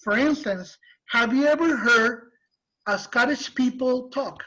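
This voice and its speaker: A male literature teacher, lecturing patiently in an online class and explaining slowly with restarts. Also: very high-pitched, bright, forceful tone. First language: Spanish. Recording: muffled lo-fi recording.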